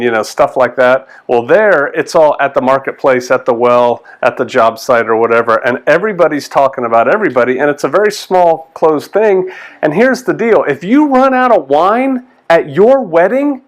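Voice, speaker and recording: Animated pastor preaching casually. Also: male voice, a little high. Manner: folksy, animated, acts out quotes in changing voices. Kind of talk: conversational sermon.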